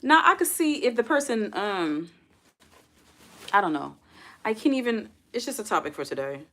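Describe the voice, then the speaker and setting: A woman's voice: medium pitch, big pitch swings, moderate pace, fairly bright tone. A young adult woman hosting a casual livestream, chatting with viewers, calling them y'all and putting questions to her chat. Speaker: livestream host.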